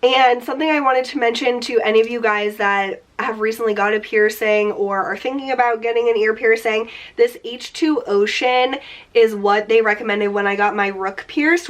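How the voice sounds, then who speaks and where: A young woman in her late twenties talks through her beauty favorites in a relaxed, chatty vlog. Her slightly high voice sounds nasal and congested from a lingering cold. She keeps a friendly, rambling flow full of fillers. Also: moderate pace. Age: 20s. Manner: chatty, upbeat, many fillers like "like". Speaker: beauty vlogger. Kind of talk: casual beauty favorites chat.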